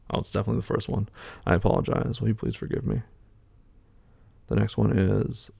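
A man with a low, heavily gravelly and husky voice, thinking aloud in a loose, hesitant way full of fillers. The sound is dry and close, with no room around it. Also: mellow, dry recording. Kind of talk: casual talk, taking an online quiz aloud.

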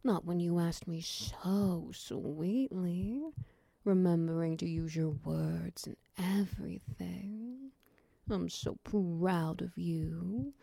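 A woman in a whispered role-play, voicing a large, doting, protective lover who coos, teases softly and slips into whispers. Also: on the low side, gravelly, breathy edge, no room sound, heavily acted. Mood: tender. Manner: slow, soft, cooing and teasing, drifting into whispers. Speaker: voice actor in audio role-play.

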